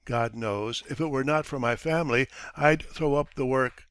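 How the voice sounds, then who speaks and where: A man's voice: medium pitch, normal speed, a bit bright, clear, resonant tone, no room sound, lightly acted. A man voicing a petty, self-pitying male writer who talks in a languid, moaning, self-important way.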